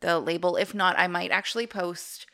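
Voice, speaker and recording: A woman co-hosting a casual podcast chat, bubbly and quick to laugh. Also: on the low side, fairly even intonation, creaky, bright, forceful tone. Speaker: podcast co-host.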